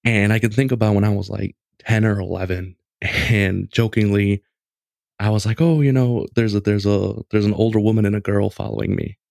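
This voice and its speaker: A man in his late twenties casually telling a story in a lively, conversational way, with lots of restarts. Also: on the low side, moderate pace, creaky, dry recording, studio quality. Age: late 20s.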